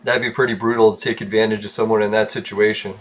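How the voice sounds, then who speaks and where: A man's voice: on the low side, level tone, quick pace. Young male streamer, mumbly, rambling, chuckling at his own jokes. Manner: rambling, chuckles often, self-mocking asides. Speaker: gaming streamer. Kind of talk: casual rambling chat while gaming. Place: home room with painted walls.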